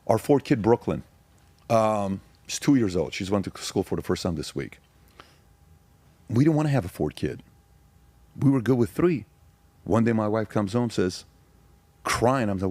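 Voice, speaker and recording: A man's voice: low voice, normal speed, pauses often, darkish tone, dry recording. A middle-aged man giving his testimony as a podcast guest, speaking emphatically and telling stories, repeating phrases to drive points home.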